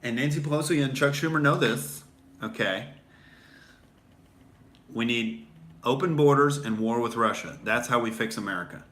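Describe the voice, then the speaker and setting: A man's voice: medium pitch, normal speed, pauses often, fairly bright tone, roomy sound. A male comedian hosting a sarcastic comedy rant, mocking and swearing freely. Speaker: comedian host.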